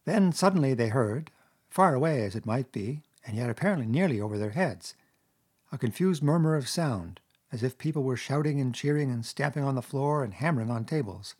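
A man narrating a classic children's story in a measured, expressive audiobook reading. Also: medium pitch, breathy edge.

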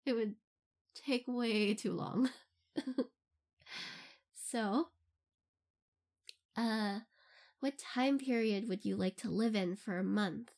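A young woman with a slightly high voice chats through listener questions. She rambles loosely and breaks into giggles often, in an easy Q&A tone. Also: takes it slowly, pauses often, darkish tone. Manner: giggly, rambling, laughs often between phrases. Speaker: audio creator answering listener questions. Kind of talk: casual Q&A chat.

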